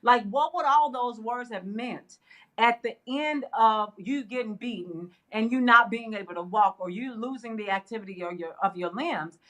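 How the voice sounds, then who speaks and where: A middle-aged woman, a guest on an interview show, telling a personal story in a casual, animated way with frequent laughs. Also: fairly high pitch, normal speed. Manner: animated, laughs often, fillers like "you know". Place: interview studio.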